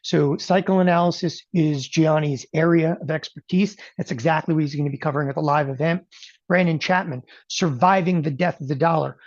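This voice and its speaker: A middle-aged man giving a casual, emphatic sales talk for a trading event, rambling and often clearing his throat and tossing in "okay?" asides. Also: on the high side, steady tone, a little fast, no room sound, dull audio. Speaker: trading educator promoting a live event.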